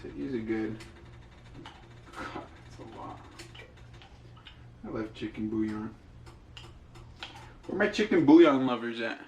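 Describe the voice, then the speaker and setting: In this lo-fi clip, a young cooking vlogger talks casually in a slightly mellow mid-range voice, unhurried and full of long pauses, his intonation lively. He rambles and jokes, clearly entertained by himself, while food fries and sizzles in his echoey home kitchen, picked up by a camera mic.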